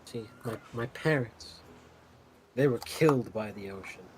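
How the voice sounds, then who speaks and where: A man's voice: mid-range voice, measured pace, noisy background, natural voice. A man voicing a young human woman who overplays her pitiful, theatrical distress. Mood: mock-tragic.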